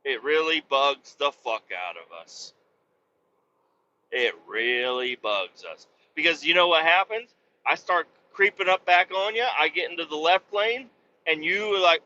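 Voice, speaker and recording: A man's voice: a little high, animated, measured pace, bright, forceful tone, dull audio, slight background noise. A man, a truck driver hosting his own podcast, ranting casually and profanely about his day. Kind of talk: casual rambling monologue.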